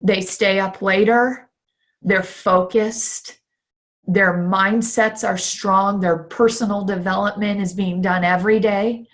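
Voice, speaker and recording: A young woman, a direct sales team leader, talks earnestly and emotionally to her team in a motivational vlog, with halting restarts. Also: medium pitch, steady tone.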